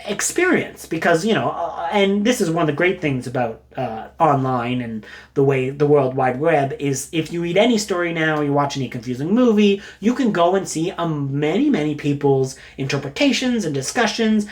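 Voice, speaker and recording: A man casually recommending books, rambling and jokey, getting animated as he retells a story. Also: fairly high pitch. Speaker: book reviewer. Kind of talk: casual book recommendation talk.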